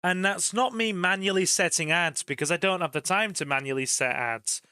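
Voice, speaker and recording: A man chatting casually to viewers while streaming a game, rambling warmly and bursting into excited cheers. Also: high voice, normal speed, clean tone, no echo, clean studio sound. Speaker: gaming streamer. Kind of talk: casual live-stream chat over gameplay.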